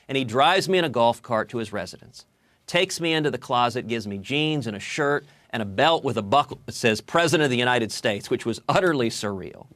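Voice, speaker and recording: A man's voice: mid-range voice, brisk, no room sound. Man telling a story, dry close sound. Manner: animated storyteller who repeats words when starting sentences. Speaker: political guest. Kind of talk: storytelling in a TV interview.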